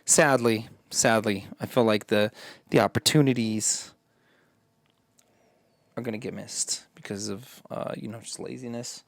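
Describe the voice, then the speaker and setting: Low gravelly male co-host, animated, profane, dry close mic. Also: unhurried, long pauses, no echo. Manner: animated, swears often, mocking put-on voices. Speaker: podcast co-host. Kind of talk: casual chat.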